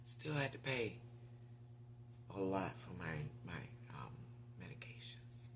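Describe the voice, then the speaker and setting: A man's voice: low voice, big pitch swings, a little slow, fairly bright tone, a little hiss or hum. A man in a casual vlog monologue, chatting directly to viewers with frequent whispered asides and getting short of breath when he talks for long.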